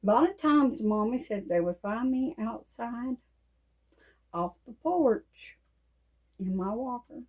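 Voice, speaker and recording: A woman, telling folksy stories in a casual, animated way and laughing often. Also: a little high, slow pace, pauses often, lo-fi sound. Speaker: Christian vlogger. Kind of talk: casual storytelling monologue.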